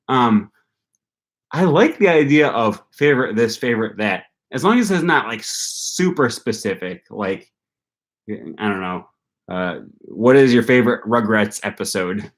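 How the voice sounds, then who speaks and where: A young man from Wisconsin with a Wisconsin accent, hosting a casual livestream and thinking aloud with plenty of ums and likes. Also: mid-range voice. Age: young adult. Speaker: language-learning channel host. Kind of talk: casual livestream chat with viewers.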